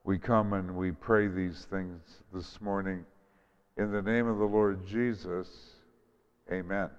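A male pastor giving a gentle sermon, with prayerful pauses and restarts, recorded in a church with a dull sound and a long hall echo. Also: low voice, steady tone, clear, resonant tone. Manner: gentle, prayerful delivery with frequent ums and restarts.

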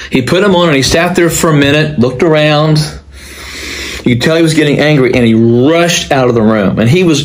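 A man recounting a prophetic dream in a dramatic storytelling way, often repeating words as he searches for them, and slowing and dropping low to stress key lines. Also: rough recording.

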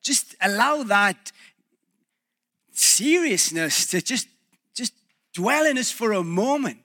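A male pastor preaching a reflective sermon, pausing and restarting as he thinks aloud. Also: sits high, animated, bright, forceful tone.

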